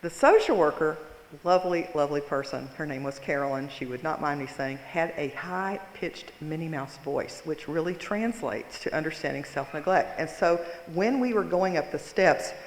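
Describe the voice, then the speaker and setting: Speaking at moderate pace in a mid-range voice, a presenter gives a storytelling keynote in a large conference hall, wry, self-mocking and dramatic, before reading a case aloud. The hall's roomy reverb is audible.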